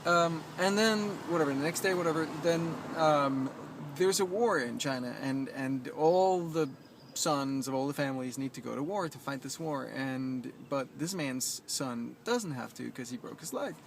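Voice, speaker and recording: A man coaching in a casual vlog from an outdoor rooftop, talking in a hesitant, reflective way full of ums and restarts, gently reassuring. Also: on the high side, normal speed, slight background noise. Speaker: life coach.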